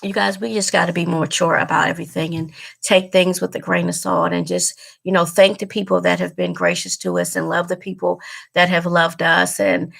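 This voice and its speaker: A woman's voice: lowish voice, little pitch movement, fairly quick, creaky, a bit bright. A woman vlogger talking straight to her viewers in casual chat, earnest and emotional, repeating herself as she goes. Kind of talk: casual direct-to-camera chat.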